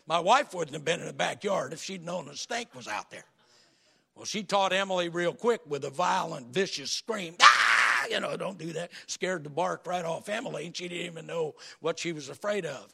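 A man preaching a sermon as pastor, telling folksy stories in an animated, lively way, with a raspy voice. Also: a little high.

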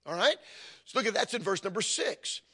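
A man's voice: high-pitched, expressive, a little fast, bright, forceful tone, slightly rough. Older man preaching with rising emphasis. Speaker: pastor. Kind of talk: sermon.

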